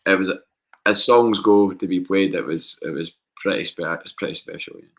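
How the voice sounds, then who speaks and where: A man with a Scottish accent telling lively anecdotes in a casual podcast chat. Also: low voice, normal speed. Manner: animated anecdotes with acted quotes. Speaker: podcast guest.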